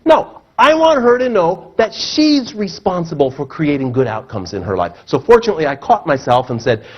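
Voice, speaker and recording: Lively high-voiced man giving a seminar. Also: moderate pace, hardly any pauses, breathy edge. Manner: animated, acts out quoted voices. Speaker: motivational speaker. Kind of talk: seminar talk to a live audience. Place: seminar room. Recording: muffled low-fidelity recording.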